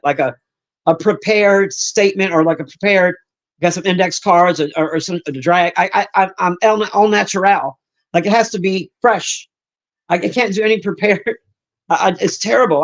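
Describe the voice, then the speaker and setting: A loud, brash woman in her fifties chatting casually on a live stream from her room, teasing and roasting her viewers. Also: lowish voice, muffled recording. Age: 50s. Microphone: own desk mic.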